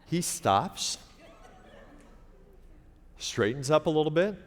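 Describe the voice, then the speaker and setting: Middle-aged guy telling a funny story on stage, lively wry delivery, echoey theater. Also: on the high side, slow. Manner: wry, conversational, playing to the audience. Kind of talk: live comic storytelling. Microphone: stage mic. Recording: long theater reverb, faint hiss.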